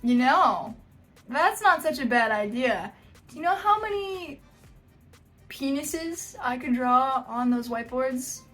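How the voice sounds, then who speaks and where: A woman hosting a casual reaction vlog, jokey, animated and self-deprecating. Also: high voice, slow pace, faint music behind. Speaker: video host.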